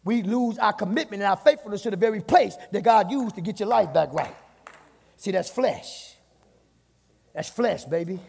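A man preaching a sermon as pastor, repeating his phrases and rising to shouts. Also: high-pitched, lively intonation, normal speed, gravelly, husky. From United States. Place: church sanctuary. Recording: church sermon with hall reverb.

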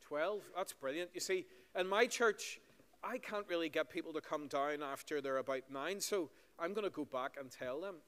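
In a large church with long hall reverb, a Northern Irish pastor gives a friendly children's talk in story form during the service, asking the kids questions. His voice is on the high side and fairly bright, at normal speed.

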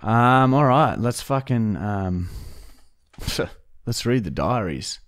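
A man's voice: mid-range voice, expressive, slow pace. A young Australian man, a podcast co-host, bantering crudely and swearing heavily in casual chat.

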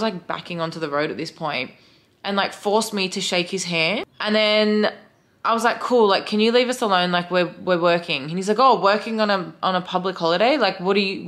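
A young woman with an Australian accent, vlogging casually, animated and swearing freely with lots of "like" fillers. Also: mid-range voice. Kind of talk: casual vlog storytelling.

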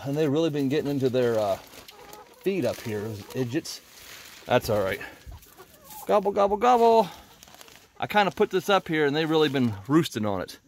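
A man's voice: mid-range voice, darkish tone, slight background noise. Rambling man chatting at the animal pens. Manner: rambling, talks to his animals. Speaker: homesteading vlogger. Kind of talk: casual chat while doing farm chores. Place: outdoors at backyard animal pens. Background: chickens clucking.

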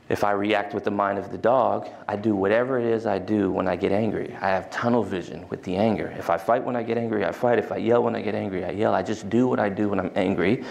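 Guy lecturing in a big hall, low voice with lots of gravel, super casual and chatty. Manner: casual and conversational. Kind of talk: university lecture with a guided mindfulness exercise.

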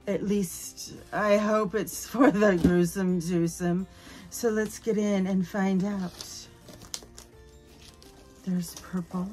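A woman's voice: mid-range voice, steady tone, takes it slowly, darkish tone, soft background music. A woman chatting casually through an unboxing, playful and giggly, now and then slipping into a spooky voice. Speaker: unboxing YouTuber.

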